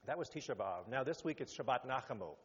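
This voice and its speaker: A rabbi giving a sermon, animated, rising to emphatic peaks and then dropping low. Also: male voice, quick pace, breathy edge. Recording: muffled sound with long hall reverb.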